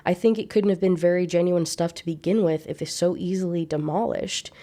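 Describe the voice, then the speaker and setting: A woman reading aloud the mocking lines of a selfish, dismissive Victorian husband in her own low, mellow voice. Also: steady tone, brisk, natural voice.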